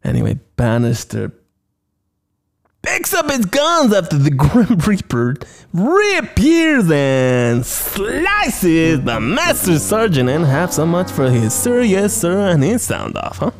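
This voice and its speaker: Casting: excitable male podcast host, sarcastic recap, high lively voice. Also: slow pace, vocal fry, faint music behind. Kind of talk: comedic movie recap.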